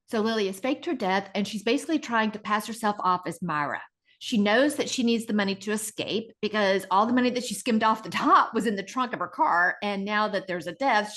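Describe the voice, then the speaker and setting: A middle-aged woman co-hosting a casual podcast, retelling stories in an animated way and acting out the people in them. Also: medium pitch. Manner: animated retelling with acted-out voices. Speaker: podcast co-host.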